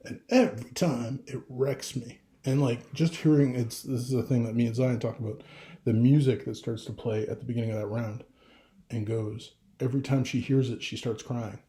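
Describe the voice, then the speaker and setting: A man's voice: mid-range voice, steady tone, normal speed, mellow, roomy sound. A middle-aged father talking casually to camera, rambling with restarts and getting emotional. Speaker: vlogger.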